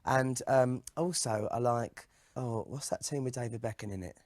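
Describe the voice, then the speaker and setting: A man's voice: moderate pace, no room sound, studio quality, close to an everyday voice. An actor playing a dim, boastful male pop singer who puts on a fake cockney manner in a comedy sketch interview. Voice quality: lively, sing-song pitch swings.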